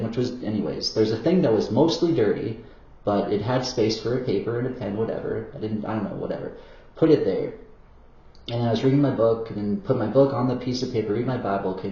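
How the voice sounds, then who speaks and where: Man, mellow tone, loose rambling monologue with many fillers and restarts, roomy dull recording. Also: fairly low pitch. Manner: rambling and hesitant, full of fillers and self-corrections; apologetic asides. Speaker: vlogger.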